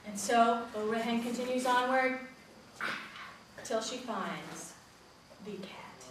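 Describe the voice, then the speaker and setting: A woman's voice: on the high side, a little slow, noisy background. A woman telling a story to a group of children, asking them questions as she goes. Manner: lively, asks the listeners questions. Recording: echoey room from far off.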